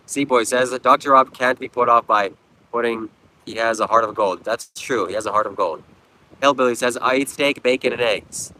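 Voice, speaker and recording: A man's voice: medium pitch, sharp tone, slight background noise, poor audio. A man hosting a live stream, reading viewer comments aloud and answering them with blunt, preachy, mocking lectures. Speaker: livestream host. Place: outdoors at a beach.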